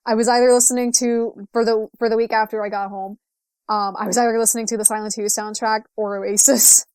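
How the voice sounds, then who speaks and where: A woman's voice: fairly high pitch, little pitch movement, a little fast, darkish tone, clear, resonant tone, no echo, clean studio sound. A woman co-hosting a casual gaming podcast, giggly and playful. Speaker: podcast co-host.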